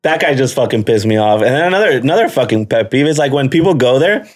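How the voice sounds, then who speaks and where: A man's voice: medium pitch, fast. Profane, ranting young man. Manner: profane, animated storytelling, rants. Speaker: podcast co-host. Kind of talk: casual chat.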